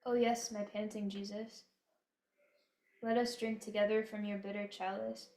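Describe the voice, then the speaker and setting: A woman giving a slow, solemn devotional reading in a prayerful, measured manner. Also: mid-range voice, flat delivery, warm tone. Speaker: devotional reader. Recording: echoey room.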